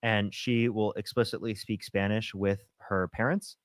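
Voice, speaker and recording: A man's voice: on the low side, steady tone, a little slow, no room sound. A man hosting a live debate stream, pressing his guests with challenges. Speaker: debate host.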